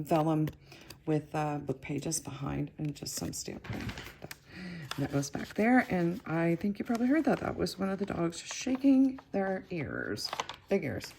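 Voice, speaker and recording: A woman's voice: fairly low pitch, gravelly, dark tone, a little hiss or hum. A woman hosting a casual craft video, rambling through a journal flip-through with frequent ums and self-corrections.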